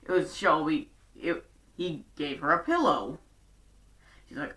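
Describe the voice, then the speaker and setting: A woman recapping a TV episode in a chatty, sarcastic way. Her voice is bright and forceful. She sits some distance from the mic. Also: fairly low pitch, very animated, measured pace. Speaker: show recap vlogger.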